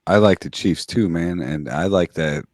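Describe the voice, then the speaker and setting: A man with a very deep voice jokes his way through his sports picks in a playful, teasing tone. The sound is dry and close with no room around it. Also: normal speed, no room sound. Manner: joking, playful trash talk. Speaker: co-host. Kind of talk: casual sports betting chat.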